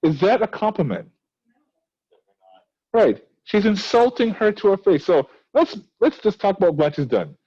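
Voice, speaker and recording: Teacher asking rhetorical questions. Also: male voice, sits high, sing-song, measured pace, warm tone, breathy edge, muffled recording. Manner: explains with many rhetorical questions. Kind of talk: recorded class lesson on a play.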